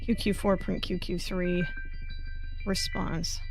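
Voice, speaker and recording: A woman's voice: lowish voice, little pitch movement, slow, over music. A woman streamer thinking aloud as she works through a puzzle game, muttering to herself and swearing when she gets frustrated. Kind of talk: casual live game commentary.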